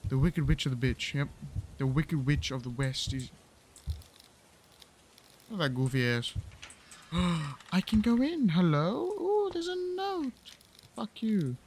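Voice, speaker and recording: A man narrates his own horror game playthrough in a loose, crude, profanity-heavy way. He mutters mocking asides and silly jokes to himself as he goes. His voice sits a little on the high side. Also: animated, measured pace, pauses often, a little mellow, slight background noise. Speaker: gaming channel host.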